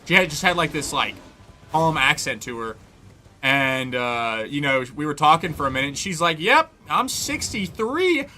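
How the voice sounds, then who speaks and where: Young male streamer, bright forceful voice, swears freely, rambling chat, faint hiss behind. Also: mid-range voice, moderate pace. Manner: loose and profane, laughs often, rambling. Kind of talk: casual chat while gaming.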